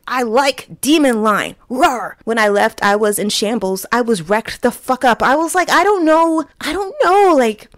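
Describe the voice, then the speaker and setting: A woman's voice: mid-range voice, no echo. Gushing woman in dry close recording. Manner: animated, gushing, playful impressions. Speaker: host. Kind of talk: casual fan commentary. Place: small closet.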